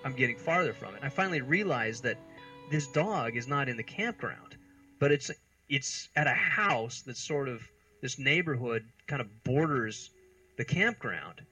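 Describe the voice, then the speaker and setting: A man's voice: medium pitch, lively intonation, moderate pace, sharp tone, slightly rough, soft background music, low-quality recording. A man in his thirties from the United States, a podcast co-host telling rambling, exasperated, self-mocking comic stories. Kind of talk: casual comedic storytelling.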